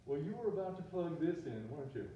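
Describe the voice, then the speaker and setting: A low, slow-talking police officer with a put-on Southern drawl, as a teacher plays him, mock-formal and courteous. The voice echoes heavily in the room and is picked up from a distance. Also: male voice, big pitch swings, a little hiss or hum. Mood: mock-stern. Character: mock-polite male math police officer. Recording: echoey room, distant mic, dull sound.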